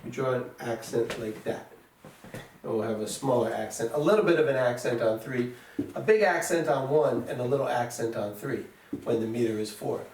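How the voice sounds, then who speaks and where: A man's voice: mid-range voice, moderate pace, a little mellow. A man teaching a music lesson, patiently counting beats aloud and sounding out rhythms for his students. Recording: echoey room, voice from a distance, faint noise.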